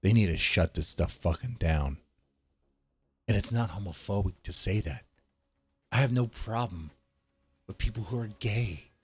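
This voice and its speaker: A man's voice: lowish voice, unhurried, pauses often, slightly rough. A man ranting in heated, profane political commentary, swearing often and reading articles aloud between outbursts.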